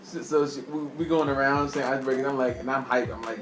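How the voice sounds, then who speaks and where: A man's voice: mid-range voice, fairly even intonation, fast, few pauses, a bit bright. A young man telling a casual storytime to his camera, rambling and laughing often, with slang. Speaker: vlogger. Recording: echoey room with faint music.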